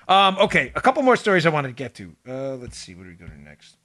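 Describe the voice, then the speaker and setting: A man's voice: on the high side, huge pitch swings, quick pace, pushed and bright, no echo. A man hosting a podcast, giving emphatic, sarcastic political commentary and repeating phrases for effect. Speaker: podcast host.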